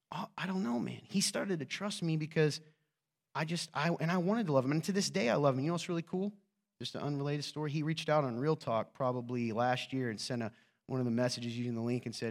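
A man preaching a conversational sermon as a pastor, joking and often asking his listeners "right?". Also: on the high side.

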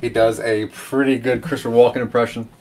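A man in casual brainstorming chat, easygoing and joking, chiming in with quick additions. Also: mid-range voice, little pitch movement, darkish tone.

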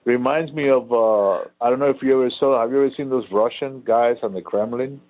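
A man's voice: medium pitch, a little fast, no room sound. A man co-hosting a casual chat, a rambling and profane storyteller. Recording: phone-like lo-fi line.

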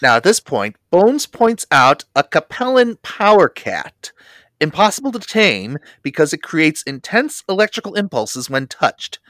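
A man co-hosting a podcast, recapping a cartoon episode with lively storytelling and wry asides. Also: a little high, a little slow, dry recording. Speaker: podcast co-host.

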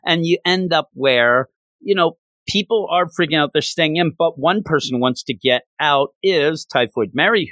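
A man's voice: mid-range voice, a bit bright, no room sound. A man casually reviewing a comic book, rambling through a chatty retelling of the story with lots of fillers.

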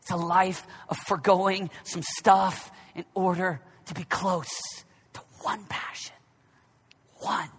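A man in his thirties preaching a sermon, dropping to a near whisper and then rising to shouts. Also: high-pitched, fairly even intonation, takes it slowly, breathy edge. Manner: swings from hushed, near-whispered reflection to loud, shouted exhortation. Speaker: pastor. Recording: long reverb of a large hall.

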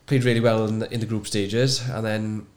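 Low, flat-voiced man recalling. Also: moderate pace. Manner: rambling, hesitant recall with many fillers, brightening at high points. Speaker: guest, former sevens player. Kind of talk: casual interview recollection.

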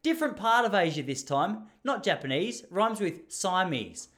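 A man's voice: sits high, big pitch swings, moderate pace, a bit bright. A young Australian man rambles through a story in easy, chatty monologue. His voice sits slightly above the middle for a man, and he restarts phrases often as he goes. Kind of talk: casual monologue.

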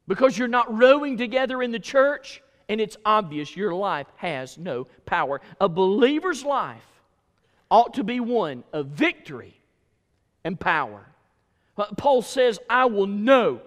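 Pastor preaching, folksy, fairly high voice, loud then hushed, long hall echo. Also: male voice. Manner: folksy storytelling, swings between loud emphasis and hushed asides. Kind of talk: sermon. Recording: echoey hall.

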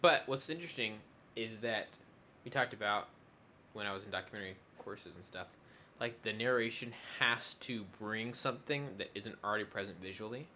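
A man's voice: lowish voice, moderate pace, sharp tone, a little hiss or hum. A young adult man in casual conversation, rambling with many fillers and restarts. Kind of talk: casual chat.

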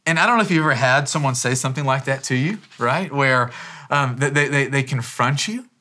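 A man's voice: mid-range voice, a little fast, bright, forceful tone. A pastor in his thirties preaching a sermon in a casual, conversational way, often restarting phrases and dropping in "man" as an aside. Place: church.

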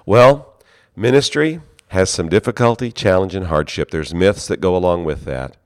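Deep-voiced earnest male preacher. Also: normal speed, no room sound, studio quality. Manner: earnest, conversational, storytelling. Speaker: seminary leader. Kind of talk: ministry talk.

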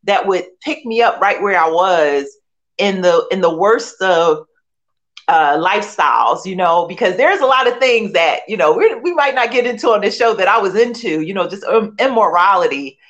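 A woman's voice: mid-range voice, expressive, moderate pace, lo-fi sound. A middle-aged woman from Philadelphia sharing her faith testimony as a guest, emotional and repetitive, firing off rhetorical questions. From Philadelphia, USA. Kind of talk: candid personal testimony.

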